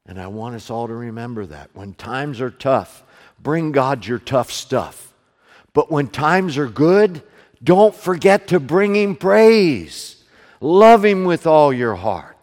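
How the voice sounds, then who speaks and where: A middle-aged man preaching a sermon to his congregation, moving from hushed storytelling to loud, fervent preaching. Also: medium pitch, sing-song, slow. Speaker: pastor. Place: church sanctuary, also streamed online. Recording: long hall reverb.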